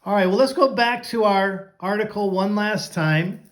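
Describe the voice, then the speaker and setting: Here a man speaks in a high register while running an online class. He guides his students along, enunciating each vocabulary term with slow, careful clarity.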